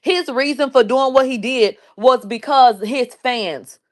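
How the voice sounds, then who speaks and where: A woman with a high voice does reaction commentary on her channel. She reads an article aloud and breaks in with loud, sarcastic, profane remarks. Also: measured pace. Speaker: commentary YouTuber.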